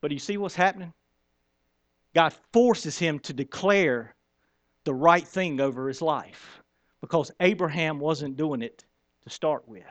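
A man preaching a sermon in an animated, conversational storytelling manner. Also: fairly high pitch, a little slow, long pauses, no echo. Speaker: pastor.

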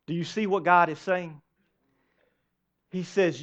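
Male preacher, high voice, animated sermon with audience questions, muffled lo-fi church recording. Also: slow, pauses often. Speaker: pastor.

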